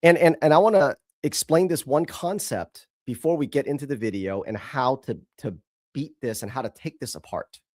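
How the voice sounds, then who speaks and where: A man's voice: mid-range voice, normal speed, darkish tone, no echo, studio quality. A male host giving emphatic, scornful commentary on a video clip, repeating himself for stress.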